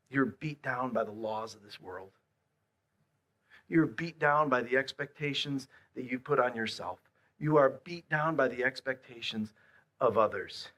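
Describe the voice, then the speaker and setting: A man preaching a sermon, swinging between hushed, quiet lines and loud, emphatic repeated questions. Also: mid-range voice. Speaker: pastor.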